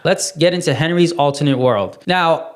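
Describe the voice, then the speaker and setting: A man co-hosting a casual show recap, talking with animated, jokey asides and frequent laughter. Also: fairly high pitch, normal speed. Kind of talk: casual reaction chat.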